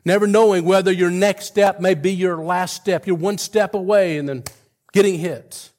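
A man's voice: high-pitched, steady tone, moderate pace, a little mellow. A man preaching a sermon, earnest, retelling scripture scenes with rising intensity and frequent restarts.

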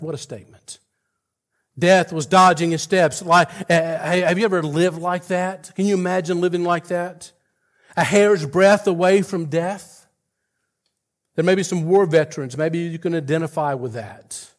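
A man's voice: fairly high pitch, fairly even intonation, moderate pace. An earnest male preacher delivers a sermon with a slightly raised voice. He retells biblical scenes with building intensity and stumbles through frequent restarts and fillers. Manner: earnest, retells scripture dialogue with rising intensity.

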